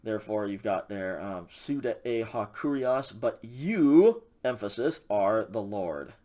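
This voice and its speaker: A man's voice: on the low side, measured pace, darkish tone. A man teaching a recorded language lecture, walking through grammar patiently with frequent ums and okays. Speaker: Greek instructor.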